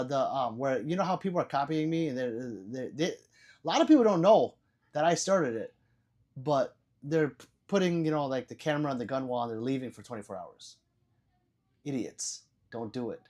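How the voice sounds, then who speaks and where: An older livestream host works through the chat aloud, swearing and rambling as he goes. His speech is full of stammers and repeated words, moving back and forth between loud outbursts and low muttering.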